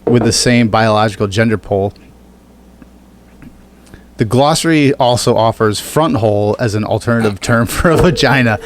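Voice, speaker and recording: A man's voice: fairly low pitch, moderate pace, a little hiss or hum. A man co-hosting a casual comedic podcast, reading news items aloud, laughing often and swearing freely. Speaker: podcast co-host.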